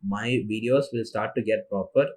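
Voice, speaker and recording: A man's voice: on the low side, normal speed, a little mellow. A young man whose first language is Tamil, hosting a solo podcast and rambling on tiredly, with many restarts. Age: young adult. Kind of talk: casual monologue.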